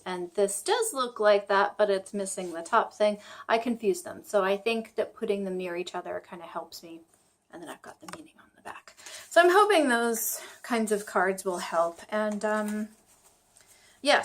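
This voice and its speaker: Chatty self-mocking woman vlogger. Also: mid-range voice. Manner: chatty, self-deprecating, thinks aloud. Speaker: vlogger learning Chinese. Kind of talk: casual vlog talk to camera.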